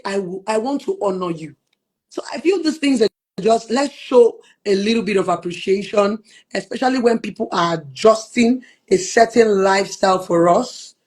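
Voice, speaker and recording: A Nigerian woman speaking as a relationship therapist in an interview, earnest and often quoting soft lines from her partner. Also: on the high side, expressive, moderate pace, slightly rough. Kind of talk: interview conversation.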